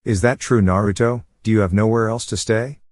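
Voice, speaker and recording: A man's voice: lowish voice, fairly even intonation, fairly quick, no echo, lightly acted. A man voicing a stern adult woman ninja teacher in a fan-fiction reading, firm and authoritative.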